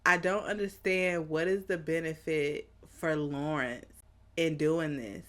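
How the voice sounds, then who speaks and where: A woman talks through an anime episode in casual reaction commentary, puzzling things out aloud. Her voice sits a little low and her delivery is slow and unhurried. She is animated and quick to laugh. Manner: animated, laughs a lot, thinks out loud.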